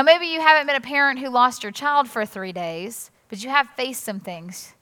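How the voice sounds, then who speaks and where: A woman pastor giving a conversational sermon in an animated, chatty way, acting out quotes. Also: on the high side, smooth. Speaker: executive pastor. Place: church auditorium. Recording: reverberant church hall.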